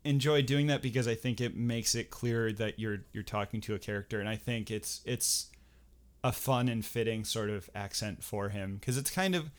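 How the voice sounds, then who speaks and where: A man's voice: fairly low pitch, moderate pace. A man in casual podcast conversation, talking with many restarts and a dry, self-deprecating humor. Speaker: furry performer guest.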